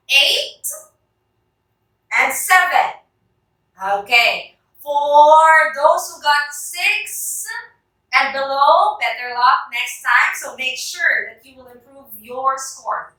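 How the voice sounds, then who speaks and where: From a distance in a heavily echoing classroom, a woman with a high-pitched, sharp-toned voice and a Filipino English accent teaches, naming students to answer and making sure they follow.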